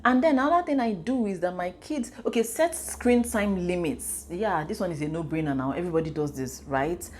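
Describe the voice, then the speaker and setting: A woman's voice: lowish voice, brisk, hardly any pauses, a little hiss or hum. Chatty Nigerian mother vlogging. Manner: chatty, animated storytelling with pidgin and Igbo asides. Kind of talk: casual advice vlog.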